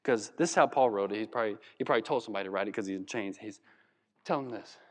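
A man from Virginia preaching a sermon in a conversational, animated way, with laughs and asides. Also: lowish voice, very fast, long reverb tail. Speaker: pastor. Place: church hall.

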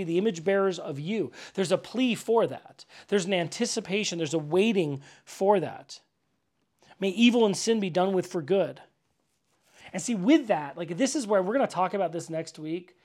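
Pastor, male, high-set voice, loose chatty sermon delivery with emphatic repeats. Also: expressive, normal speed, darkish tone. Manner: conversational, many "like" fillers, emphatic repetition. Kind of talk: casual sermon. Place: church gathering.

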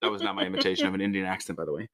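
A man co-hosting a podcast in casual chat, an animated storyteller who swings his voice up when quoting people. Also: low-pitched, very fast, a crowd in the background. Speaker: podcast co-host.

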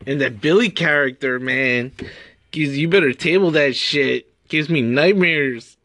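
A man's voice: a little high, measured pace, bright, forceful tone. A man ranting in crude, rowdy banter as a podcast guest. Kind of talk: casual rant.

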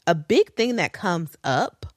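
Woman podcast co-host, low voice, dry close studio sound, chatty and laughing. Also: sing-song, slow, no room sound. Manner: chatty, laughs often, talks in bursts. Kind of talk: casual chat.

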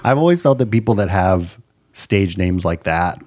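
A man hosting a podcast, chatting casually in a rambling, halting way that often restarts sentences. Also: low voice, animated, a little mellow, dry recording, clean studio sound. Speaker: podcast host. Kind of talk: casual chat.

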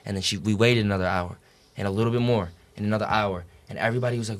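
Speaking fast in a low, steady voice, a young adult man recounts his story on a podcast. His delivery is loose and rambling, profane, and full of "like" and "dude."

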